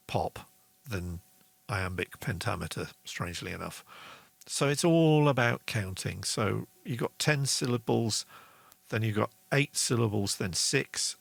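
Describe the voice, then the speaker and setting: A man's voice: fairly low pitch, gravelly, no echo. A man hosting a casual songwriting lesson, chatty, reading out viewer comments. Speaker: songwriting show host.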